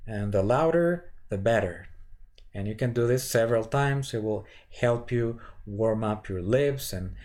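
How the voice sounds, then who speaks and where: A man teaching voice warm-up exercises in a halting way, with many fillers and restarts, sometimes counting aloud. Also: lowish voice, lively intonation. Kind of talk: instructional lecture with vocal demonstrations.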